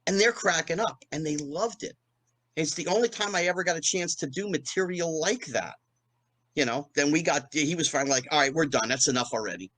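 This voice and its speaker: A man in his fifties from New Jersey, a guest in an interview, telling a fast anecdote and acting out the quotes with big jumps in pitch. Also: a bit bright, dry recording. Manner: fast storytelling with acted-out quotes, rising pitch on punchlines. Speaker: guest, former child actor.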